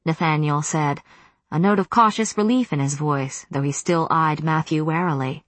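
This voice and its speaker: A woman reading an audiobook in measured scripted narration. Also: low-pitched, fairly even intonation, no echo.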